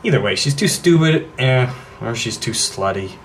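A man's voice: mid-range voice, expressive, normal speed, a little hiss or hum, natural voice. An actor playing an awkward, moody teenage boy who talks in a glum, self-conscious way.

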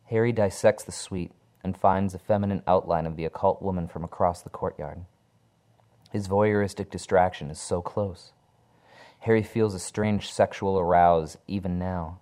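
A man reading a horror story aloud in a dark, measured storytelling manner. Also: deep voice, steady tone. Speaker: narrator.

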